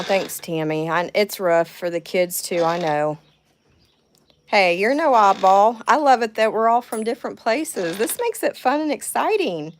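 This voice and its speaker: A woman's voice: fairly low pitch, a little hiss or hum. A middle-aged woman with a Southern drawl chatting on her first livestream from home, nervous and thanking viewers by name as she reads their comments. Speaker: livestream host. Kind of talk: casual livestream chat reading comments. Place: home, near a window with birds outside.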